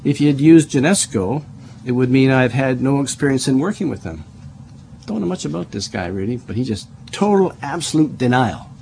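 A middle-aged man delivering a Bible study sermon at an average pitch for a man. He explains each verse patiently, spelling out key words and often stumbling into restarts. A faint background hiss sits under his voice. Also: lively intonation, moderate pace, creaky, darkish tone. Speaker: preacher.

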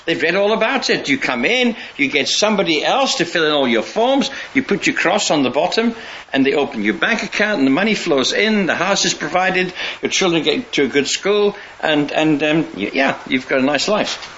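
A man's voice: on the high side, expressive, normal speed, pushed and bright. A man preaching a sermon in a rambling, conversational way, often restarting his sentences and chuckling now and then. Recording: dull lo-fi recording with faint hiss.

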